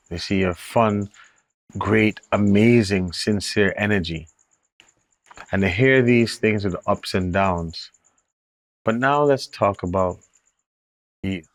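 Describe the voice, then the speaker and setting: A man hosting a faith-based interview, affirming his guest and asking gently probing questions. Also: fairly low pitch, no room sound.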